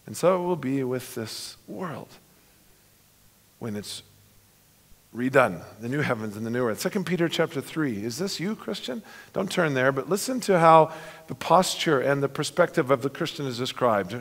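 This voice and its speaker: A man's voice: medium pitch, expressive, normal speed. A man preaching a sermon as pastor, earnest and storytelling, building emphatic lists. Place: church sanctuary. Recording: long reverb of a church hall.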